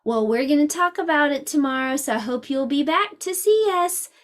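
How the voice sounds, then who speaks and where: A woman teaching a preschool class, speaking gently and expressively to young children and reading a picture book aloud. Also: sits high, animated, moderate pace.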